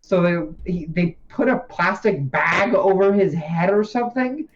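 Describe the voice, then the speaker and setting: A man's voice: high-pitched, a little slow. A young man co-hosting a casual podcast, rambling, swearing and laughing often as he recaps. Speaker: podcast co-host. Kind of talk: casual chat. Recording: dull lo-fi sound.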